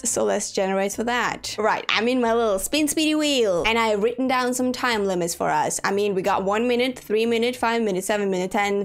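A young woman chatting to herself as she plays a building game, flustered and talkative, scolding herself by name as the timer runs. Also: medium pitch. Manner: chatty, self-talking, flustered under time pressure. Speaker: gaming YouTuber. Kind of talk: casual gameplay commentary.

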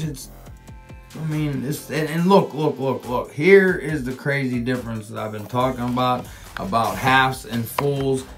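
A man talks through a casual vlog in a slow, unhurried drawl, swearing constantly and slipping into slang. He gets excitable as he rambles. Faint music plays quietly behind him. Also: mid-range voice. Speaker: cannabis vlogger. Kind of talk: casual profane vlog chat.

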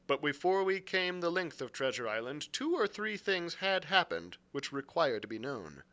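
Bright-voiced male storyteller reading aloud. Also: fairly high pitch, moderate pace. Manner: expressive storytelling with occasional slips and self-corrections. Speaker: library reader. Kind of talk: reading a novel aloud on a live show.

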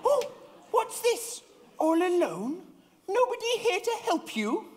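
A man's voice: extremely high pitch, sing-song, slow pace, slight background noise, full character voice. A man voicing a taunting, gleeful male supervillain in a live comic puppet show. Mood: gloating. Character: gloating male punctuation supervillain. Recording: reverberant lecture hall.

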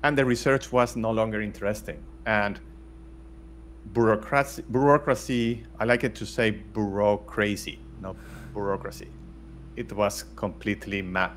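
Frank man, low voice. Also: normal speed, a bit bright, slight background noise. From Spain. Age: middle-aged. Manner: frank, blunt, with many restarts. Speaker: guest. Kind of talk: casual interview talk.

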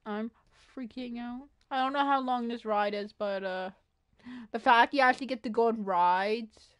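A woman with a high, light voice chats through a gaming livestream. She talks to herself as she plays, easily excited, with frequent gasps. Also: normal speed, smooth. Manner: excitable, gasping, talks to herself while playing. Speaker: streamer. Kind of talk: casual gaming livestream chatter.

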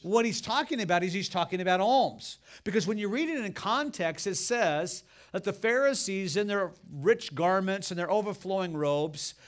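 A man pastor preaching a sermon, telling folksy stories in an animated way. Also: high-pitched, normal speed, hardly any pauses. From United States.

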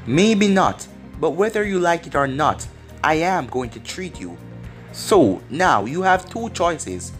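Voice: medium pitch, lively intonation, slow pace, soft background music. A storyteller voicing a cocky but caring teenage boy ninja while reading fan fiction aloud, in a plain reading voice. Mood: teasing.

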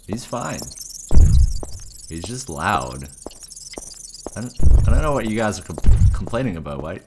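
A man giving sarcastic, jokey let's-play commentary on horror games, reacting loudly to scares. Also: fairly low pitch, lively intonation, unhurried, pauses often, heavy background noise. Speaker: gaming YouTuber. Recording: game music behind the voice. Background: game music.

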